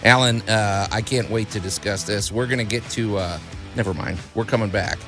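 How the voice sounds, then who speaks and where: A man's voice: fairly low pitch, moderate pace, music in the background. A man co-hosting a radio show from a studio, chatting casually and joking, often laughing. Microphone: studio microphone.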